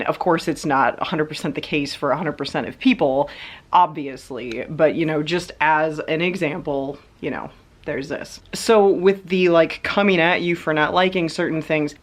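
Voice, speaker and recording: A woman's voice: sits low, lively intonation, normal speed. A woman vlogger chatting casually, rambling with lots of hedges and fillers. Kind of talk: casual chat.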